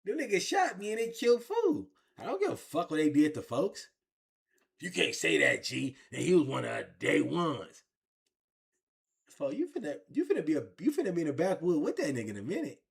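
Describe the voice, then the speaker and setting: Man, interview guest, candid storytelling, lively swinging pitch, repeats himself, street slang. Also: brisk, creaky. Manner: animated, repetitive, heavy street slang.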